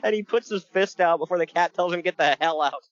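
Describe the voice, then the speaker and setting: A man's voice: sits high, quick pace, muffled recording. A man co-hosting a casual podcast, joking and laughing as he recaps a wrestling show. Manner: joking, animated, laughs often. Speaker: podcast co-host.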